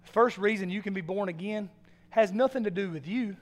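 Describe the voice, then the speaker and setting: A man preaching a sermon who tells stories in an animated way and builds to loud emphasis. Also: high voice, normal speed, faint music behind. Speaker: pastor.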